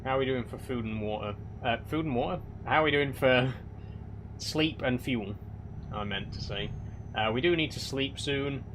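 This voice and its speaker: A young man answers his live chat in a dry, rambling way, and often feigns exasperation. His voice sits at an everyday middle pitch. Faint game engine noise hums behind him. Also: a bit bright. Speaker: streamer reading live chat. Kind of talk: casual live-stream chat while driving a truck game.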